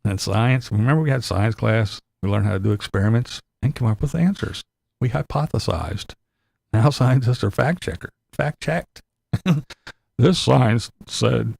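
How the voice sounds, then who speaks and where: A man's voice: mid-range voice, lively intonation, unhurried, gravelly, a little mellow, dry recording. An older man with grandkids, cursing and laughing through a sarcastic rant in his vlog. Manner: profane, sarcastic, laughing often. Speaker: vlogger. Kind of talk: ranting monologue.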